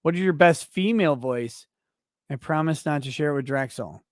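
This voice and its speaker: A man hosting a casual livestream, reading viewer donations aloud in a loud, profane, ranting way that swings between shouting and muttering, a little tipsy. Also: fairly high pitch, normal speed, no room sound, studio quality.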